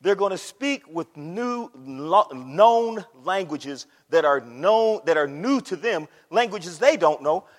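Male pastor, high lively voice, fervent sermon delivery, hushed-to-loud swings, echoey hall. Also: slow, few pauses. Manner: calls out to the congregation.

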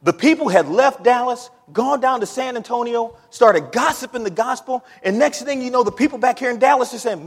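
Male preacher, high and very lively pitch, rises from hushed asides to shouts, long church reverb. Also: moderate pace, hardly any pauses, slightly rough. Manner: animated, swings from quiet to shouting, laughs between points. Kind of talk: sermon.

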